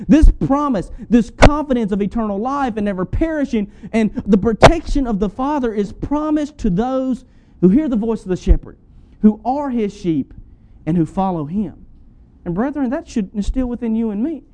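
Man, sermon, high pitched voice, mellow tone, earnest emphatic teaching. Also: lively intonation, moderate pace. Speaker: preacher.

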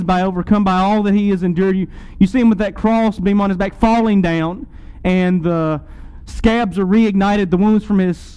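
A man preaching a sermon, retelling a scene dramatically to his listeners and swinging between loud and soft. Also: sits high, clean tone, poor audio.

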